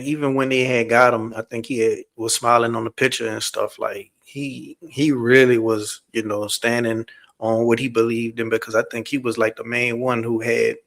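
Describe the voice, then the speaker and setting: A man hosting a casual chat, measured and hedging, with lots of "you know" and "like". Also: mid-range voice, steady tone, gravelly.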